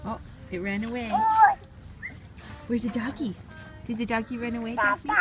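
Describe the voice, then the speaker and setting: A woman's voice: on the high side, steady tone, normal speed, long pauses, over loud music. A young woman talking to a baby and a dog in cooing, singsong baby talk on a home video.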